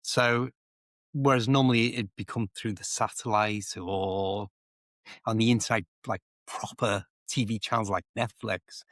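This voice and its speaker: A man's voice: on the low side, steady tone, measured pace, fairly bright tone, no echo. A man with a Liverpool accent chatting casually as a co-host, explaining phrases with rambling everyday examples. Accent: Liverpool English. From England. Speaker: co-host, English teacher. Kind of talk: casual chat. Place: indoor home office.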